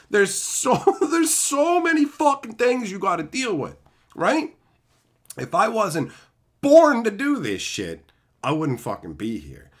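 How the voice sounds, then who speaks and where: A Canadian streamer in a profane, fired-up rant, his voice sitting a bit high and leaping around with lively swings. His tone is bright and sharp throughout. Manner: profane, ranting, animated. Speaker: YouTuber and streamer.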